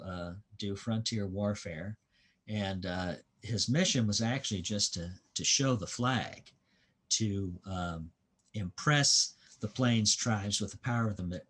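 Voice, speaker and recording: Low husky guy giving a museum history talk, lots of uh's, easygoing storyteller. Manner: unhurried storytelling with frequent "uh" pauses. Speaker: guest historian and author.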